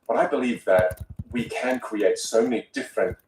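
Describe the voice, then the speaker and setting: A man coaching on a podcast, talking in an expressive, musical way and repeating words as he gets going. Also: medium pitch, normal speed, slight background noise. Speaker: voice coach guest. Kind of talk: animated podcast conversation. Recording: roomy room, distant mic.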